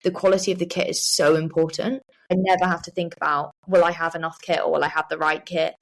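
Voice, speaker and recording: A woman's voice: lowish voice, little pitch movement, quick pace. A young woman, chatting casually as a guest on an interview podcast, with lots of fillers and "like"s. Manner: chatty, many fillers and likes. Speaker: guest, professional cyclist.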